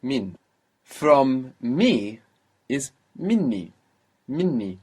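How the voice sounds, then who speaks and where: Male language teacher, patient and explanatory, dry close sound, steady mid pitch. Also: very slow, slightly rough, dry recording. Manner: patient, explains grammar step by step, prompts the student. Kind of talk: guided language lesson.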